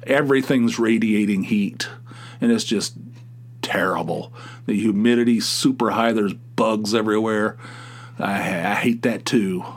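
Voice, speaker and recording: A man's voice: lowish voice, a little slow. A middle-aged man from Pennsylvania hosting a solo podcast, rambling and grumbling in casual chat, with frequent restarts and "you know"s. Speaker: podcast host.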